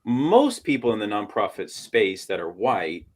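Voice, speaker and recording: Low-voiced man, halting academic talk. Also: sing-song, husky. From Portland, Oregon. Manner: halting, restarts phrases, theory-heavy. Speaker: podcast panelist. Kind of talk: casual academic discussion.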